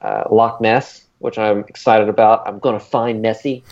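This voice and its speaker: A man's voice: fairly low pitch, normal speed, gravelly. A man co-hosting a podcast, chatting casually and rambling with lots of fillers. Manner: rambling, many "uh" fillers, excitable. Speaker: podcast co-host. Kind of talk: casual chat. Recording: dull lo-fi sound.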